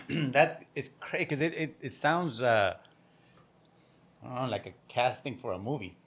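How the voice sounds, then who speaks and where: A man hosting a casual interview, reacting eagerly and asking questions with halting fillers. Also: mid-range voice, animated, a bit bright, husky. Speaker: interviewer, host.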